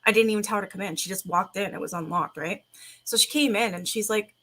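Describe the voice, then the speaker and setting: Bright-voiced woman telling stories casually. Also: mid-range voice, fast talker. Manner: rambling, with many fillers and restarts. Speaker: livestream host. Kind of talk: casual storytelling to a live chat.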